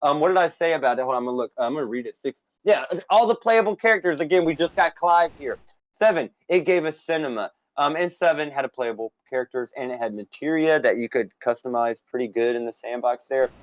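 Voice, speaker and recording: Talking fast in a mid-range voice, this podcast co-host gives his opinions in a casual game discussion, working through a list of points and tossing in playful asides. The audio has no echo but sounds dull.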